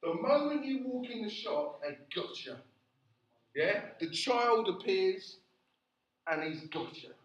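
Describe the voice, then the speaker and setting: A man giving a classroom lecture, animated, often checking in with the class by asking "yeah?". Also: high-pitched, slow pace. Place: lecture room. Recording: echoey classroom, distant, dull.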